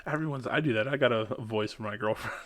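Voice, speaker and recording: A man's voice: medium pitch, quick pace, a bit bright. A man hosting a podcast, casual chat, laughing along and chiming in with short reactions. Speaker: podcast host.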